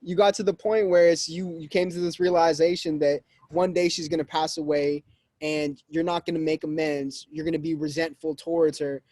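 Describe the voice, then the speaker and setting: A man's voice: on the high side, level tone, normal speed, a little mellow, dry recording. A man hosting a conversation, recapping his guest's points and hyping him up. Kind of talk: conversational interview.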